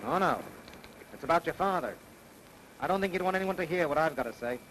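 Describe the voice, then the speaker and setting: An insistent secretive stranger. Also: male voice, on the high side, lively intonation, quick pace, slight background noise, low-quality recording. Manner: insistent, hushed. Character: pushy male stranger with a secret. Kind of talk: 1930s film acting.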